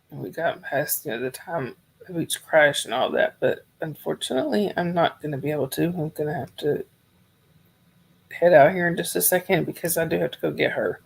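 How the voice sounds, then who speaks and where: A woman from Georgia, chatting softly and rambling on a livestream while losing her voice. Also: deep voice, gravelly, breathy edge. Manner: soft-spoken, rambling, talks to chat viewers by name. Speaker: livestream host. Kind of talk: casual livestream chat.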